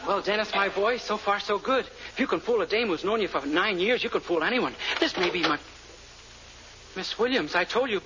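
A man's voice: sits high, moderate pace, natural voice. An actor playing a brash, wisecracking impostor posing as a businessman, in 1940s radio comedy style. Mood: breezy. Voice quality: breezy, wisecracking delivery. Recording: muffled old radio recording with hiss.

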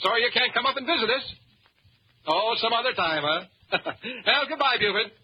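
A man's voice: very high voice, expressive, normal speed, slightly rough, heavily acted. A jittery stammering ladies' man. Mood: nervous. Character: nervous, fast-talking young ladies' man. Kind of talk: 1940s radio comedy acting. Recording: muffled old radio recording, faint hiss.

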